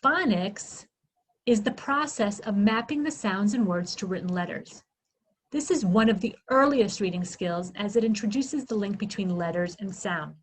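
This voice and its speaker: A woman giving a literacy workshop, sounding out phonemes slowly and asking questions she answers herself. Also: medium pitch, slightly rough, poor audio. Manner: slow, exaggerated sounding-out of phonemes; asks questions then answers them herself. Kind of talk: instructional presentation.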